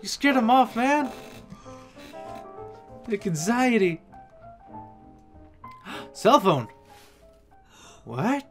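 Lively, unhurried reaction host over music. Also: mid-range voice. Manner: excitable, quick to exclaim and gasp. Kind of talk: casual reaction commentary. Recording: clear background music. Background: clear background music.

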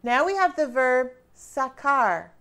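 Slow-talking teacher woman quizzing students. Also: sits high, very animated, a bit bright. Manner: encouraging, quizzing students with pauses and rhetorical questions. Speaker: Spanish teacher. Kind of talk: classroom grammar lesson.

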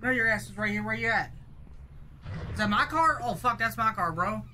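A woman's voice: on the high side, lively intonation, normal speed, sharp tone, a little hiss or hum. A woman giving rowdy, profane commentary while playing a game. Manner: rowdy, profane trash talk. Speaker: gaming streamer. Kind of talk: live gameplay commentary. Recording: game music playing under voice. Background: game music and vehicle sounds.

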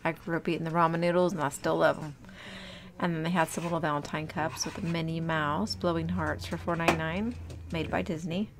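A woman's voice: low-pitched, fairly even intonation, brisk. A young woman narrating a casual shop-with-me vlog as she walks through a store. She talks chattily and gushes over cute items, with plenty of ums, into a handheld phone. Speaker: shopping vlogger. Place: indoor retail store.

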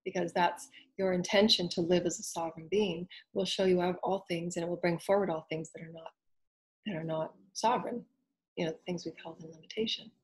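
A woman with a low, breathy voice leads an inspirational spiritual talk. She speaks in earnest, flowing phrases and keeps returning to gentle repeated affirmations, sometimes dropping to a whisper. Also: fairly even intonation, fairly quick. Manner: soft, repetitive affirmations. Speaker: spiritual teacher.

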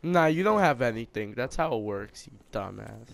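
A man's voice: mid-range voice, expressive, normal speed, creaky. A man trash-talking an opponent over online game chat, mocking and insulting. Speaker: online gamer.

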